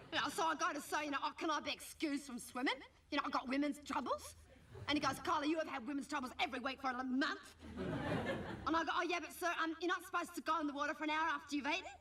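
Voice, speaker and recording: Lightly acting, a woman plays a whiny, high-voiced teenage Aussie schoolgirl who is cheeky and bratty, gossiping, rambling and imitating other people. It's a comic monologue delivered to camera, captured on a noisy old TV recording from a distant microphone.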